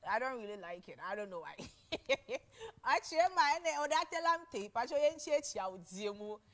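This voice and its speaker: A woman's voice: medium pitch, very animated, fairly quick, a bit bright. A young woman with a Ghanaian accent hosting a TV talk show, chatting casually and animatedly, laughing often and switching languages. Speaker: TV show host. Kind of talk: casual chat mixing English and Twi.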